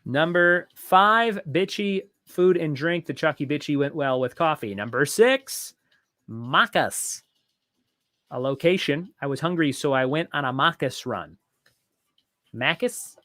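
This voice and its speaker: A man hosting a live trivia show, reading each question slowly and repeating it, with joking asides between. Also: a little high, a bit bright, no room sound, studio quality. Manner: reads each question slowly twice, jokes and rambles between. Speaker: trivia host.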